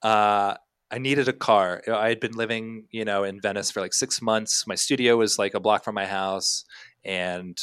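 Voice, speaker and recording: A man's voice: fairly low pitch, fairly even intonation, moderate pace, fairly bright tone, clean tone, no echo. A young man talking as a podcast guest, telling long anecdotes with plenty of fillers and restarts in a casual chat. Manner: rambling storyteller, many fillers.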